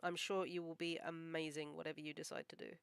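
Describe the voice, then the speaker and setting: Low, level and quick, with vocal fry, this woman's smooth voice is recorded without echo. An animator streaming her work live, she chats casually while drawing, rambling through lots of "like" and "um" in a modest, encouraging way.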